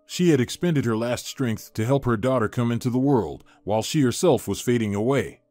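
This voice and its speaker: A man giving scripted story narration in a measured, even storytelling manner. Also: medium pitch, no echo, faint music behind.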